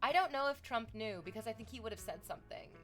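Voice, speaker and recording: A woman's voice: fairly high pitch, expressive, fast, soft background music. A young woman streaming from Canada, chatting with viewers in a rambling, sarcastic and profane way. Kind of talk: casual stream chat.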